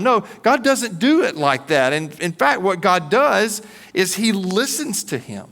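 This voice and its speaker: A man preaching in an earnest, emphatic manner, his voice high and bright with a forceful edge. He talks slowly and deliberately, leaning on repeated words. His voice carries a long reverb from a church hall. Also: sing-song, creaky. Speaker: pastor. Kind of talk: sermon.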